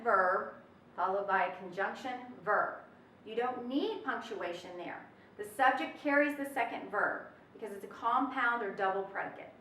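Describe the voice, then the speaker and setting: A woman teaching a webinar grammar lesson in a lively, folksy manner, drawing out her examples for emphasis. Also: a little high, distant mic, slight background noise. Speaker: test prep instructor. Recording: echoey room, off-mic.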